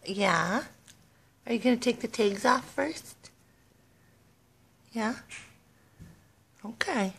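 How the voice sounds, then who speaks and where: Using a handheld camera at home and later in a car, a vlogger in her thirties, who is a mother, coos to her dog in affectionate sing-song baby talk. She speaks slowly with long pauses in a fairly high, creaky, fairly bright voice, with slight background noise.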